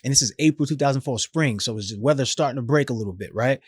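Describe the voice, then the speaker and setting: A man in his thirties telling his life story as a podcast guest, animated and emphatic, with slangy phrasing, often acting out other people's voices. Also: mid-range voice, racing, husky, no echo, clean studio sound. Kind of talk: storytelling in a casual interview.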